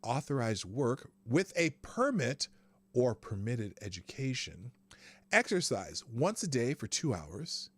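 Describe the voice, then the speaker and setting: Animated, sarcastic male live-show host. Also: medium pitch, slow, slightly rough. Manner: sarcastic, ranting, swears freely, laughs mid-sentence. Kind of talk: opinionated live-stream news commentary.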